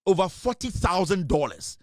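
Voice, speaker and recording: A man with a Ghanaian accent delivers heated political commentary in a high, animated voice. He is emphatic, with frequent fillers and quick shifts between English and Twi. The sound is dry and close. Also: no echo.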